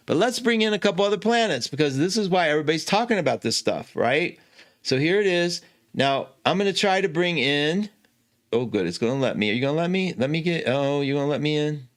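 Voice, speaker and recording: A man with a somewhat high voice explains an astrology chart in a loose, chatty way. He jumps up and down in pitch, laughs at himself, and fixes his own slips as he goes, like a host teaching from his home computer. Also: a little fast. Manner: chatty, animated, self-correcting with laughs. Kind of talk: casual teaching talk.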